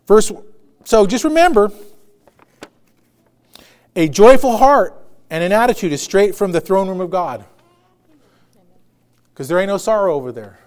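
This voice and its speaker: A man's voice: sits high, lively intonation, unhurried, pauses often, a little mellow. A male pastor preaching a conversational sermon, laughing often and acting out quotes.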